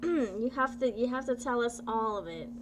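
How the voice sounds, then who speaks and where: A woman tarot reader chatting live with her viewers, bubbly and playful, often excited and drawing her words out. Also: on the high side, moderate pace, noisy background. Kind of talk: casual live-stream chat with viewers.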